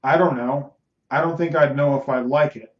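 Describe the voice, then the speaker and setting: A man's voice: fairly high pitch, fairly even intonation, normal speed, lightly acted. Male reader doing shy, hulking young man, roomy and muffled sound. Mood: pleading. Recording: echoey room, dull lo-fi.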